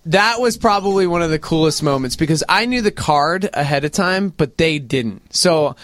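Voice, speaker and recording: A man in his forties in casual chat, an animated storyteller who acts out other people's voices and says "dude" a lot. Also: on the high side, normal speed, no echo.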